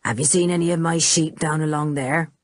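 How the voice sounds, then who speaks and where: A woman voicing an old male shepherd who gives slow, rustic warnings in a storybook reading. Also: deep voice, steady tone, no echo, clean studio sound. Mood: ominous.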